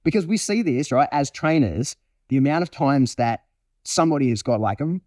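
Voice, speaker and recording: Brief: animated, foul-mouthed male dog trainer, mellow voice, dry close sound. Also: a little high, moderate pace, no room sound. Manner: animated, profane, acts out scenes. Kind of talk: casual conversational explanation.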